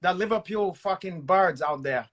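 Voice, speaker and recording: A man with a Brazilian Portuguese accent talks in a notably high voice. He banters crudely in broken English as a podcast co-host and peppers his lines with Portuguese exclamations. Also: moderate pace, fairly bright tone.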